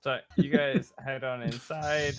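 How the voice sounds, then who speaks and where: A man's voice: medium pitch, little pitch movement, slow, over loud music. A man running a tabletop role-playing game as dungeon master, narrating scenes cinematically and laughing with his players over voice chat.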